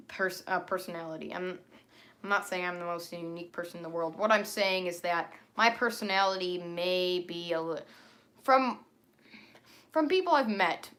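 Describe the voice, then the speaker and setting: A woman's voice: mid-range voice, a bit bright. A young woman chatting casually on a livestream about her character, rambling with many fillers and restarts.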